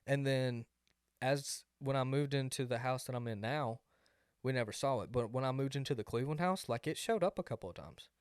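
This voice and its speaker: A man's voice: mid-range voice, fairly quick, smooth, no echo, clean studio sound. A young man, co-hosting a podcast and telling a rambling story that leans on "like". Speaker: podcast co-host. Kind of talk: casual chat.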